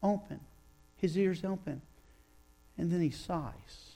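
Man preaching a storytelling sermon; slow and deliberate, with a gravelly tone. Low hum behind. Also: dark tone. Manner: storytelling preacher, acts out sighs and quotes, slows for emphasis. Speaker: pastor.

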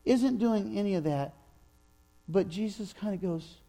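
Slow, gravelly-voiced male preacher. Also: sits high, dark tone. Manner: storytelling preacher, acts out sighs and quotes, slows for emphasis. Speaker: pastor. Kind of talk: sermon.

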